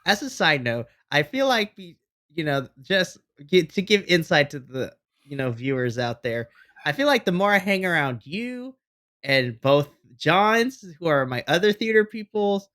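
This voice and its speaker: Male podcast co-host, slightly high voice, animated recapping with camp asides. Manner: playful, camp, acts out quotes. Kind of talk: casual wrestling review chat.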